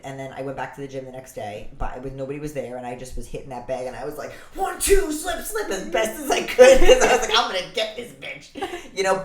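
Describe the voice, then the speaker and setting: A woman from the Bronx, a boxer telling her story as a podcast guest in lively, swear-laced casual talk. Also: a bass voice. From the Bronx, New York. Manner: animated, swearing, laughs through her stories. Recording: roomy echo.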